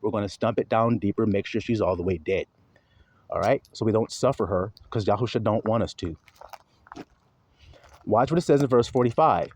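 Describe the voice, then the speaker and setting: Confrontational man preaching with a lively pitch. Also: no echo. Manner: profane, confrontational, lecturing; slows down to read verses aloud. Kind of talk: sermon reading scripture. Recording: dull lo-fi recording.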